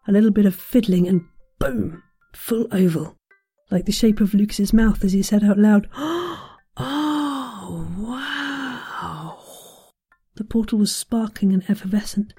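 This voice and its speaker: A woman reading a children's bedtime story aloud, with gentle, chatty asides to the listener. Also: medium pitch, slightly rough.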